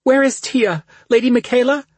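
A man's voice: very high voice, normal speed, darkish tone, slightly rough, no echo, voice pushed up. A man voicing a young princess who is tearful and frightened, sobbing and pleading in an audiobook. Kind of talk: audiobook character voice.

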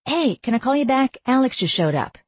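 A woman's voice: sits high, sing-song, a little fast, husky, no room sound, highs cut off, voice pushed up, heavily acted. A woman voicing a young woman heroine in a storybook, teasing and sarcastic in manner. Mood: brisk.

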